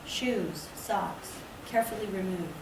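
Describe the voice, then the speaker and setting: Woman poet, unhurried lyrical reading at a library event, echoey far-off sound. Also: mid-range voice. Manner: slow, measured, lyrical delivery. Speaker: poet reading her work. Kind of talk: poetry reading. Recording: echoey room, distant mic, background noise.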